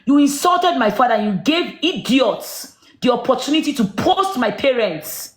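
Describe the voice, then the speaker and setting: A woman ranting on a livestream, shouting accusations and rhetorical questions at someone. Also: sits high, very animated, normal speed, roomy sound. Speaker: social media livestreamer. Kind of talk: angry live-stream rant.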